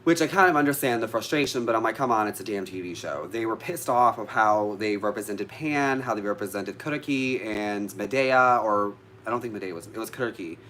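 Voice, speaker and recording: A man's voice: fairly low pitch, fairly quick, a bit bright, a little hiss or hum. A man vlogging casually to live viewers about witchcraft, chatty and easily sidetracked, swearing now and then.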